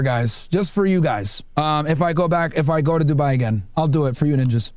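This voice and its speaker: A man's voice: a little high, a little fast, a little mellow, no room sound, clean studio sound. A man ranting casually to viewers while reading messages aloud, mocking and swearing, sometimes talking to his dog. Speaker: podcast host reading messages.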